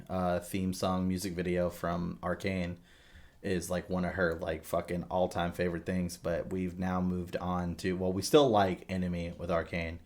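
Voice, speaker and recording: A young adult man chatting casually on a podcast, telling animated stories and swearing freely. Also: low voice. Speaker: podcast co-host. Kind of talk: casual chat.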